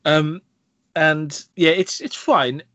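A man's voice: fairly high pitch, steady tone, slow pace, fairly bright tone, dry recording. A man, co-hosting a casual film review podcast, rambling and correcting himself as he goes. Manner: chatty, rambling with frequent fillers and self-corrections. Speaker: podcast co-host. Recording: dull lo-fi dry sound.

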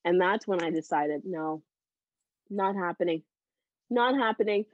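A woman in her thirties, a psychotherapist guest, telling her personal story in an animated, heartfelt way and laughing often between phrases. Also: fairly low pitch, a little slow. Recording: dull, slightly lo-fi dry audio.

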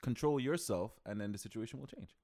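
Man, podcast co-host, fast talker, calm advice, mid pitch. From Canada. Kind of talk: casual chat.

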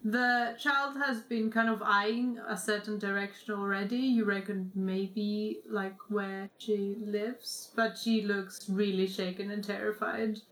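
A woman narrating as game master of a tabletop role-playing game, calm and unhurried, with frequent ums. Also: medium pitch, roomy sound, rough recording.

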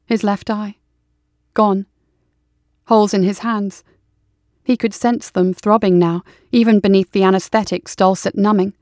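A woman narrating an audiobook in a steady, even storytelling manner. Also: mid-range voice, no room sound, clean studio sound.

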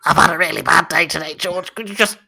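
Man putting on a gravelly creepy stalker. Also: fairly high pitch, fairly even intonation, fast, bright, forceful tone, full character voice. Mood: pleading. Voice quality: gravelly, strained. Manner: stammering, whiny. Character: creepy disguised male stalker, pleading, obsessed.

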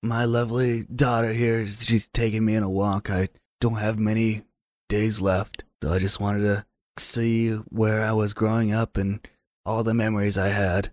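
A man's voice: lowish voice, little pitch movement, moderate pace, a little mellow, no room sound, clean studio sound, close to an everyday voice. A man voicing a cranky, frail elderly grandfather in a tabletop game. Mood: wistful. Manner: grumpy, testy old man.

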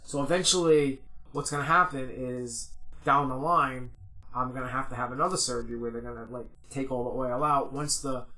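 A man's voice: medium pitch, steady tone, normal speed, sharp tone. A young man who is a podcast guest, chatting casually and rambling with lots of "like" and restarts. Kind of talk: casual chat.

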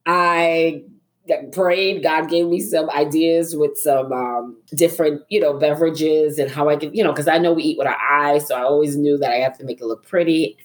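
A middle-aged woman, a guest author on a podcast, telling a personal story in a lively way, acting out her own thoughts and often laughing. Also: low voice, brisk, hardly any pauses.

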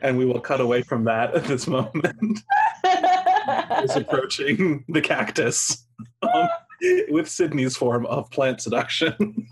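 A man's voice: mid-range voice, breathy edge. A man narrating as game master of a tabletop game, who is playful and laughs easily.

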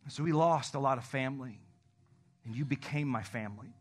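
A man preaching a conversational sermon as pastor, telling candid stories about himself and slowing into a soft, earnest prayer. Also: mid-range voice, slightly rough. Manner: candid, self-deprecating storytelling; acts out phone calls in animated voices.

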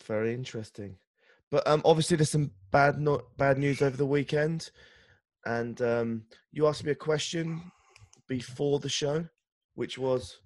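A man's voice: medium pitch, a little slow. English guy cohost, casual chat, lots of ums, a bit self-deprecating. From England. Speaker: podcast co-host.

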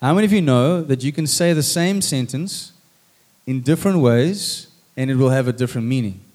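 A male preacher speaks to his congregation from the stage. His delivery is lively and dramatic, and he acts out the scripture as he tells it. His voice sits at an ordinary middle pitch. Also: fairly quick. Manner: lively and dramatic, acting out lines. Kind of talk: sermon with acted scripture.

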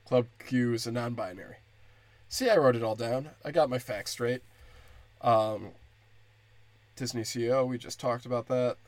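A man's voice: mid-range voice, moderate pace, long pauses, no echo. A young man doing a crude, profane stand-up comedy rant.

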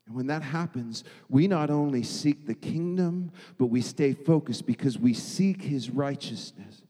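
A man preaching a sermon as pastor, emphatic, swinging from loud declarations to hushed, quiet lines. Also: medium pitch, expressive, unhurried, in a large hall.

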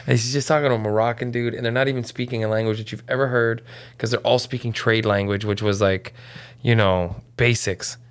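Animated, foul-mouthed comedian telling stories. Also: male voice, medium pitch. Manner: animated, swearing, fast storytelling. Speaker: comedian guest. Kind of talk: casual storytelling chat.

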